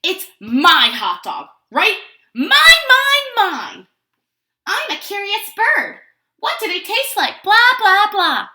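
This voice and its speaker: A woman voicing a grumpy, possessive male pigeon from a picture book, with loud, exasperated outbursts. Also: very high-pitched, huge pitch swings, a little slow, voice pushed up, exaggerated voice. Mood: mocking. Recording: roomy echo.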